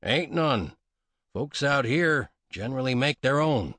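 A man's voice: medium pitch, lively intonation, a little slow, fairly bright tone, dry recording, pitched above the performer's own voice. Man doing a drawling, sly gunman. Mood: blunt. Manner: drawling, dry, cocky. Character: laconic sly frontier gunman, male adult.

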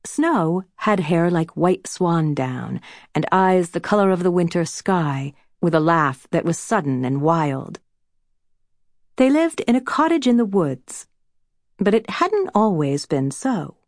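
Slow, gentle woman narrating an audiobook. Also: on the low side, lively intonation, no room sound, studio quality. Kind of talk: scripted storybook narration.

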